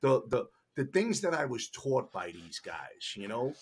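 Husky, animated New man. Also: mid-range voice, measured pace. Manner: profane, animated, emphatic storytelling. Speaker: podcast guest, retired firefighter. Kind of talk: casual storytelling.

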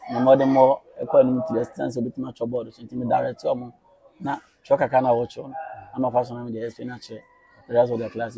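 A man in his thirties from Ghana, a teacher answering interview questions in a calm, reflective way, mixing local language with English. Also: mid-range voice, gravelly, low-quality recording. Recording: crowd noise behind.

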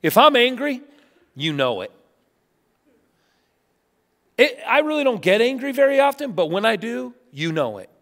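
A man's voice: very high-pitched, moderate pace, pauses often. A middle-aged male pastor preaching a sermon, telling stories with animation and acting out quoted voices. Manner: animated storytelling, acts out quotes. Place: church sanctuary. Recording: long hall reverb.

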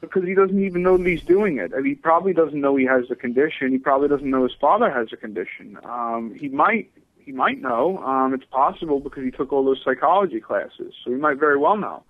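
A man's voice: mid-range voice, animated, fairly quick, dry recording. A man as an interview guest, talking at length with many fillers and restarts, over a phone line. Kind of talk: radio interview. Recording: dry tinny phone line.

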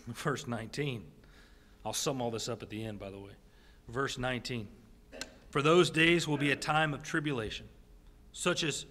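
A man pastor preaching a sermon in a church, animated and jokey, with quick asides to the congregation. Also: mid-range voice. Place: church sanctuary. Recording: long church hall reverb.

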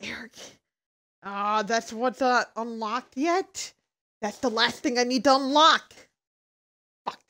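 This streamer's voice sits a little high, and she speaks slowly with frequent pauses. Playing a horror game in a let's-play, she curses heavily, laughs at her own blunders, and alternates between loud shouting and quiet muttering.

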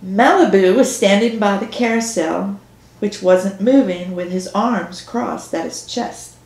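Slow, measured woman reading her novel. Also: medium pitch, darkish tone. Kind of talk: first-person audiobook reading on camera. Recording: echoey room.

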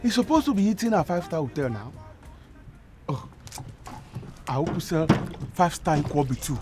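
A pushy, excitable eatery owner who pleads and scolds, dotting his talk with "eh?". His voice is high and swings widely, with soft music behind it. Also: moderate pace. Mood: welcoming. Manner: pleading, excitable, Nigerian English with "eh?". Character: pushy restaurant owner chasing customers. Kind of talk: sitcom acting.

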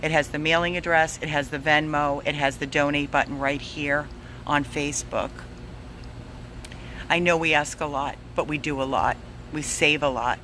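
A woman's voice: low voice, steady tone, normal speed, bright, forceful tone, a little hiss or hum. A woman who heads an animal rescue, making an urgent, emotionally drained donation appeal and pleading over and over. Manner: pleading, repeats herself, begging.

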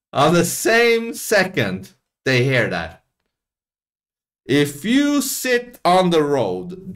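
A man's voice: on the high side, a bit bright. A man hosting a reaction video, commenting casually in a profane, mocking way and laughing often.

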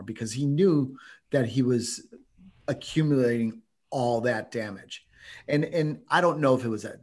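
A middle-aged man chatting casually as a martial arts instructor, telling rambling, animated stories and laughing often. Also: mid-range voice. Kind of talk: casual chat.

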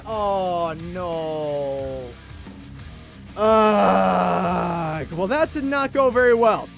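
A young man streaming a game live, chatting with viewers in an excitable, jokey way and repeating himself when he panics. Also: high voice, drawn-out words, vocal fry, music in the background. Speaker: gaming livestreamer. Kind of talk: excitable live gameplay commentary.

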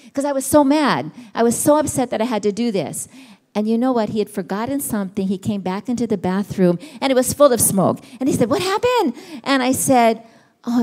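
A middle-aged woman, teaching a church women's session in a conversational way and asking her listeners questions. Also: medium pitch. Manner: warm, conversational, asks the audience questions.

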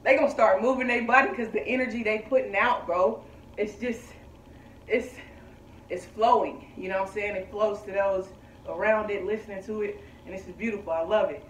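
A man's voice: high voice, steady tone, a little fast, a bit bright, a little hiss or hum. A man hosting a reaction video, talking in a casual, slangy way and hyping up his viewers. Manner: laid-back slangy, hypes up viewers. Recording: roomy echo, distant from mic.

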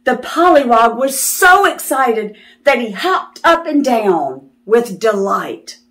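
A woman reading a picture book aloud to children, animated and delighted, stopping to ask them questions. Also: on the high side, slow pace. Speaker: children's storyteller.

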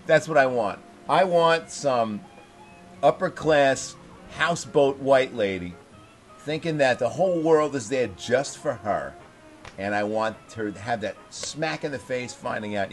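A man co-hosting a casual comedic podcast chat, laughing often and telling stories with animated energy. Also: medium pitch, a little slow, soft background music. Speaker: podcast co-host.

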